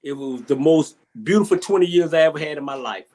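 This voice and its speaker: A middle-aged man on a video call interview shares a personal story, his voice on the high side, fast and somewhat dark in tone. He's emotional, repeating himself and restarting often.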